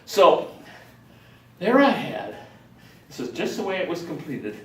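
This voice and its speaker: An older man telling a personal story in a rambling, animated way, acting out the voices of people he quotes. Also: fairly high pitch, a little slow. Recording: roomy, distant mic.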